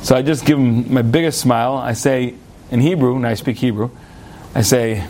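A young American man giving a storytelling Torah talk, chatty and animated, with restarts and asides. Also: medium pitch, normal speed, slight background noise. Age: young adult. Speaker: rabbi.

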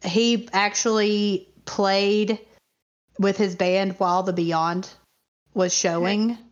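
A woman co-hosting a podcast in casual chat, excitable and quick to rant and laugh. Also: mid-range voice. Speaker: podcast co-host. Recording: muffled lo-fi recording.

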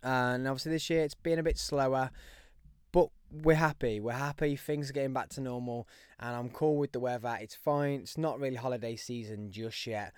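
A man's voice: medium pitch, fairly even intonation, normal speed, a little mellow, faint music behind. A young man with a Birmingham accent hosting a podcast, talking in an upbeat, rambling way. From West Midlands, England. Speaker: podcast host. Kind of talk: casual podcast monologue.

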